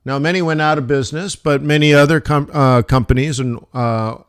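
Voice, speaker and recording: A man hosting a live forex trading stream, giving casual, jokey market commentary in an animated, fast-talking way. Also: fairly high pitch, clear, resonant tone. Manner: animated, jokey, talks fast with laughs and asides.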